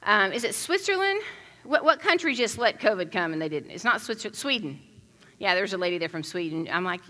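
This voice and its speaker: A woman from the United States giving a conversational sermon, animated and chatty, telling stories with frequent restarts. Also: mid-range voice, a little fast. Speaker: pastor.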